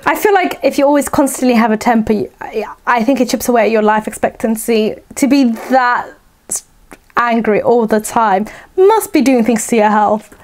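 A woman's voice: on the high side, normal speed, a little mellow, a little hiss or hum. A woman hosting a reaction video, chatting casually and exclaiming in disbelief at what she hears.

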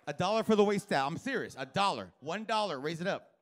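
Brash, profane stand-up comic, high voice. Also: male voice, lively intonation, fast, fairly bright tone. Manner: brash, profane, teasing the audience. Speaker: stand-up comedian. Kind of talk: live stand-up crowd work. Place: comedy club stage with a live audience. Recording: live club audio with crowd murmur.

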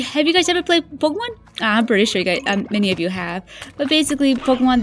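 Excitable high-voiced young woman gamer. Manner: excitable, squealing and gushing over cute creatures. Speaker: gaming video creator. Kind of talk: casual gameplay commentary.

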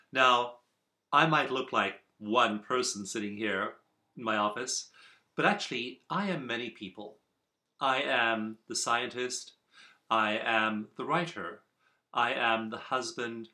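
A man teaching a recorded video lesson from his office, speaking in an earnest, measured way with repeated emphasis. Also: medium pitch, bright, forceful tone. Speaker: teacher of a self-help program.

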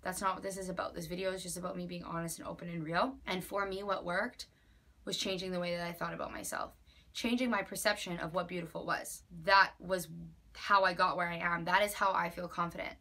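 A woman's voice: lowish voice, steady tone, a little fast, sharp tone. Earnest young woman vlogging from the heart. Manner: earnest, emphatic, with many likes and repeated phrases. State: near tears at times. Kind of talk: personal heartfelt vlog.

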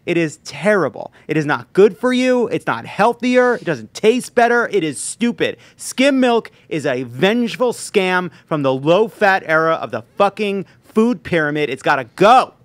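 Profane, animated man ranting. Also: high voice, normal speed, few pauses. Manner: profane, emphatic, mock-outraged. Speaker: podcast host. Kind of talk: comedic rant about food.

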